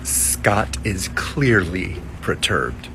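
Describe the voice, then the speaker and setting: A man's voice: sits low, very animated, very slow, pushed and bright, a little hiss or hum. A man telling a stand-up story in a conversational, building manner.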